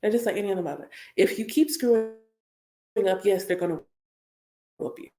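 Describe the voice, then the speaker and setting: Animated woman preaching in an echoey room. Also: medium pitch, fairly quick. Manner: animated and emphatic, repeats points for stress. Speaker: spiritual teacher reacting live. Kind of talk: live reaction stream, preachy casual talk.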